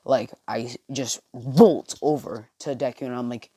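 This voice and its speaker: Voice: medium pitch, steady tone, unhurried, few pauses, mellow, husky, no room sound, studio quality. A young storyteller rambling through an improvised fan story in a casual way, full of fillers and restarts.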